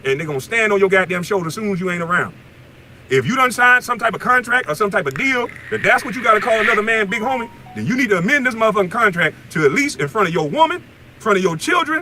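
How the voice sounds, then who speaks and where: A middle-aged man ranting angrily and profanely from inside a car, insulting someone, shouting at times. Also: high-pitched, a little hiss or hum. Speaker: former basketball player ranting on video. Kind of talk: angry profane rant.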